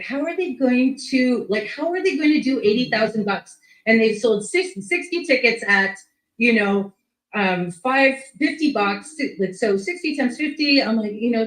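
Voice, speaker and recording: A woman guest telling a story in casual chat, lively and full of quoted speech and swearing. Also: on the high side. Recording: echoey room.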